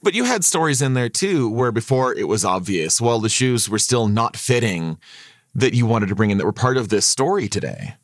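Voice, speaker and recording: Wry male podcast host, mid pitch. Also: big pitch swings, fairly quick, no echo, clean studio sound. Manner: prompting, wry interviewer. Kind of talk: casual podcast chat.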